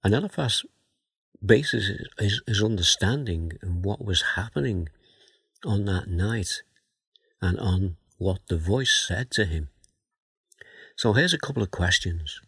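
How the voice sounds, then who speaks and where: A man giving a Bible teaching sermon, asking questions and reading scripture aloud in a measured way. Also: deep voice, expressive, creaky, fairly bright tone, breathy edge, no echo. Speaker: preacher.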